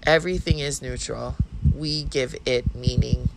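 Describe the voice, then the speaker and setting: A woman's voice: a bass voice, steady tone, measured pace, vocal fry, noisy background. Blunt, profane woman with a Hawaiian Pidgin accent. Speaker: podcast host. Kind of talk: casual monologue.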